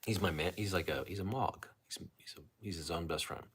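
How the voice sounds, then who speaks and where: A man's voice: low voice, brisk, fairly bright tone, husky. A man hosting a casual livestream, talking loosely with lots of fillers and restarts as he reads the chat. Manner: loose, self-interrupting, chatty with many fillers. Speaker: livestream host.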